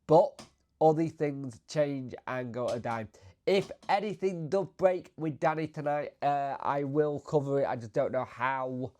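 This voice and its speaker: A man with a bunged-up, congested voice, feeling unwell and talking casually as the host of a football fan channel, chatty and rambling and trailing off quieter. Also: a little high, a little slow. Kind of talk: casual solo video commentary.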